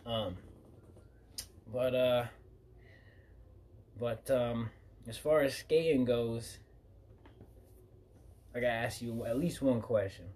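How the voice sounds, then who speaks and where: A man hosting a podcast, telling loose, profane stories in a casual, animated way. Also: medium pitch, slow pace, pauses often. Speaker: podcast host.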